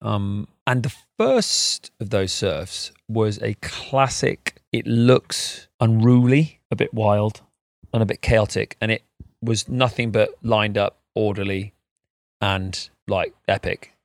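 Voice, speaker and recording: A man's voice: lowish voice, takes it slowly, dry recording, clean studio sound. Rambling man hosting a podcast. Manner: rambling, animated, laughs often. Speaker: podcast host. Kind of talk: casual chat. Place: outdoors in a garden.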